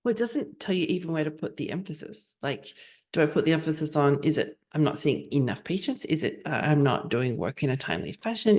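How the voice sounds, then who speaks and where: Woman host on a medical podcast, lowish voice, thinking out loud through questions. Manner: reflective, lists questions thoughtfully. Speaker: podcast host and physician coach. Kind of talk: conversational podcast interview.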